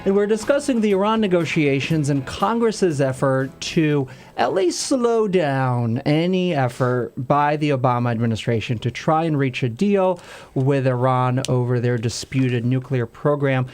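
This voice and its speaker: A man's voice: medium pitch, animated, unhurried, darkish tone, slight background noise. A man hosting a political talk radio show, upbeat and chatty as he introduces his guest.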